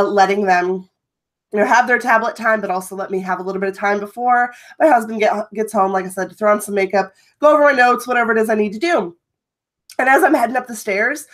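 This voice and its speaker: Chatty Midwestern woman streaming live. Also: on the high side. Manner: chatty, animated storytelling. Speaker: host. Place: home room.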